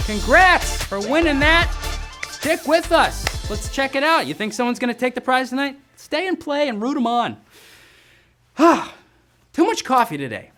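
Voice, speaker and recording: A man hosting a live trivia game show, reading questions and answers with upbeat, jokey asides to the players. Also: sits high. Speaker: quiz show host.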